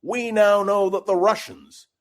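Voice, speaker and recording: A man's voice: high voice, fairly even intonation, a little slow. Impassioned man giving political commentary. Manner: impassioned, emphatic, speechmaking. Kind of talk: radio talk show guest commentary.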